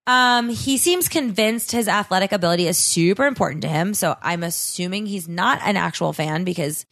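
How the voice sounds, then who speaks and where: A woman's voice: on the low side, normal speed, a bit bright. A woman on a casual podcast, sarcastic and blunt, swearing freely while she rips into people. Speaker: podcast guest.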